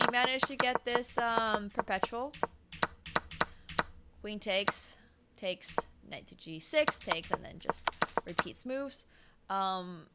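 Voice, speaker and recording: A woman's voice: mid-range voice, heavy background noise. A woman in her twenties commentating chess on a live stream in a casual, chatty way, humming and laughing between remarks. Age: 20s.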